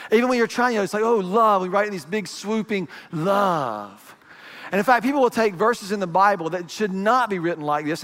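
High-voiced pastor preaching in a hall. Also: male voice, fairly bright tone. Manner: conversational storytelling, acts out dialogue. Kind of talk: sermon.

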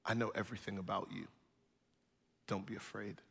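Guy preaching does jesus all soft and low, gentle and calm, echoey hall. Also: fairly quick, creaky, breathy edge, heavily acted. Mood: gentle, reassuring.

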